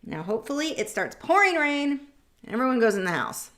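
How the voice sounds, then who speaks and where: A woman's voice: sits high, very animated, a little fast, a bit bright. A woman hosting a casual art livestream, rambling chattily and reading out viewer comments. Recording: roomy echoey room.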